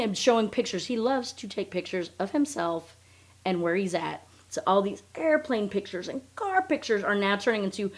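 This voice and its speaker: A woman's voice: mid-range voice, expressive, moderate pace. A woman hosting a podcast, recapping in a blunt, profane, sarcastic casual chat. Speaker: podcast host.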